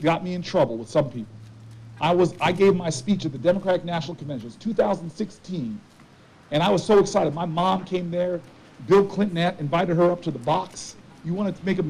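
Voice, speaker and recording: A man in his forties gives a campaign speech outdoors, his voice a touch higher than most men's. He tells folksy stories and builds his points with preacher-like repetition. The tone is mellow and warm rather than bright. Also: slight background noise, poor audio. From New Jersey. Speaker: politician.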